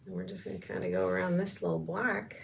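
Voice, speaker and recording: A woman's voice: on the low side, steady tone, fast talker, gravelly, slight background noise. A woman talking viewers through a craft project in a chatty tutorial, often dropping into whispers as she works. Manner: chatty, talks to viewers while working, often drops to whispers. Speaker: craft demonstrator. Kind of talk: casual craft tutorial chat.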